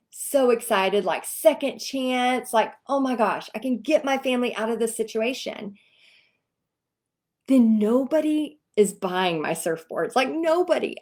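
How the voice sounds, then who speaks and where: A woman from Texas in her thirties, telling her own story casually to viewers and acting out the other people's lines. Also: mid-range voice. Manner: animated, acts out quoted voices. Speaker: host.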